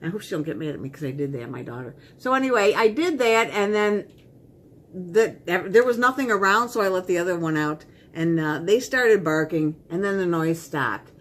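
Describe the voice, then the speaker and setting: A woman's voice: on the low side, expressive, moderate pace. A middle-aged woman chatting casually as she unboxes and tries on makeup, rambling and talking to herself. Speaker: beauty vlogger.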